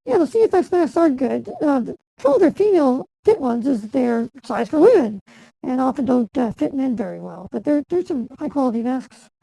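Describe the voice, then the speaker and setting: A woman's voice: high-pitched, animated, a little fast, gravelly, mellow, no echo, poor audio. A woman hosting a casual chat show in an easygoing, chatty way. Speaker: host.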